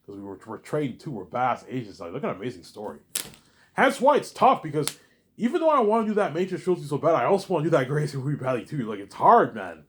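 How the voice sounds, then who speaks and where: A man runs his own listening series, chatting in a rambling, excited way, tripping over repeated words and often asking "you know what I'm saying." His voice sits on the high side, and he talks quickly in a loose, casual monologue.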